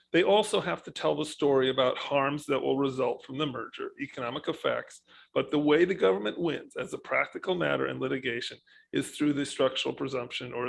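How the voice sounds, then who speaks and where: A man speaking as an economist on a panel, telling his points with animated emphasis. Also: medium pitch, gravelly, low-quality recording. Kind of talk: panel discussion.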